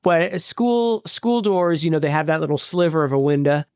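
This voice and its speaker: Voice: medium pitch, animated, normal speed, a little mellow, dry recording. A podcast co-host in casual movie-review chat, wry and self-mocking, rambling with fillers on a close mic.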